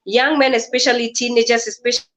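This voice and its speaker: A woman's voice: a little high, flat delivery, fast talker, a bit bright. A woman from Kenya, a guest speaking hesitantly with many fillers over a video call. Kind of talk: casual discussion. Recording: dull lo-fi call audio.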